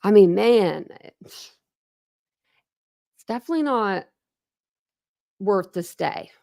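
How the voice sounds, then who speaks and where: A woman's voice: medium pitch, lively intonation, takes it slowly, creaky, mellow, no echo, clean studio sound. A woman hosting a true crime channel, chatting casually with viewers on a livestream, rambling with lots of "like" and answering comments as she goes. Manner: rambling, heavy use of "like".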